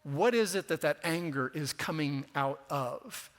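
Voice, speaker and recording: A man's voice: a little high, lively intonation, unhurried. A middle-aged man preaching a sermon in a conversational way, sometimes acting out the voices of the people he quotes, in a church. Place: church sanctuary. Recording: long church reverb.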